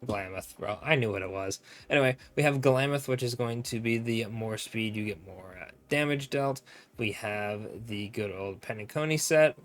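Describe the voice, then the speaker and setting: A man's voice: fairly low pitch, moderate pace. A young man giving casual game guide commentary, rambling and often forgetting names with self-mocking asides. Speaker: gaming content creator.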